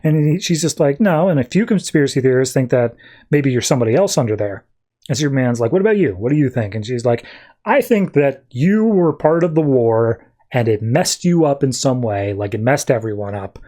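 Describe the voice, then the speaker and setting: A man recapping a comic book issue in casual podcast chat, acting out lines of dialogue in quick quotes, with a lot of filler words. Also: mid-range voice, expressive, dark tone. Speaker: podcast host.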